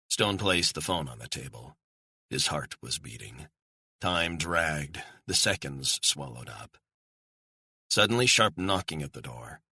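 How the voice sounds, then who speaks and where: A man reads thriller narration in a measured, suspenseful way, his voice deep and husky. The tone has a hard, sharp brightness, and the recording is dry and close. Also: lively intonation, no room sound. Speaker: audiobook narrator.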